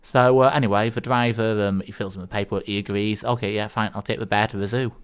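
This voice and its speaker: Northern English radio co-host, lower voice, meandering joke delivery full of ums. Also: male voice, fairly even intonation, fast, clean tone. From England. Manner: rambling, hesitant, full of fillers. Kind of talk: casual radio chat telling jokes. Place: community radio studio.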